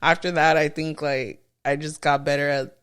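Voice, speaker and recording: A young woman co-hosting a podcast, telling stories in casual chat, animated and often laughing. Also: low-pitched, moderate pace, clear, resonant tone. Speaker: podcast co-host.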